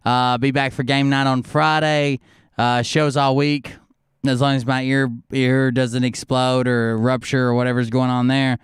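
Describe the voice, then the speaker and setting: A man's voice: mid-range voice, little pitch movement, measured pace, clean tone, dry recording, clean studio sound. A man hosting a livestream, chatting casually as he wraps up, rambling and cursing loosely. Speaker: livestream host. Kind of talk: casual end-of-stream chat.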